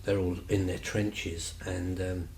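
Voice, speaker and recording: A man's voice: deep voice, flat delivery, slow, darkish tone, roomy sound, slight background noise, low-quality recording. A man telling stories casually, rambling and chatty with lots of fillers. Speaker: vlogger. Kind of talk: casual storytelling.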